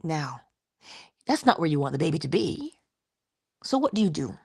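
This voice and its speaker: A middle-aged woman giving an inspirational spiritual talk in a conversational, expressive way, slipping into little acted-out quotes. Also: low-pitched, normal speed, gravelly, slightly rough, dry recording, studio quality. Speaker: inspirational speaker.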